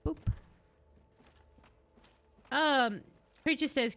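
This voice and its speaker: Young woman, game streamer, sarcastic, rambling, bright tone. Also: on the high side, expressive, takes it slowly, pauses often. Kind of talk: casual gameplay commentary.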